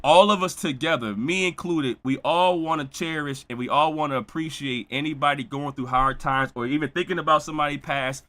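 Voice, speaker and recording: A man from Buffalo, New York, streaming live, hyping up his chat with loud, excitable shout-outs. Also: on the high side, a little fast, few pauses. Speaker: streamer reacting to music.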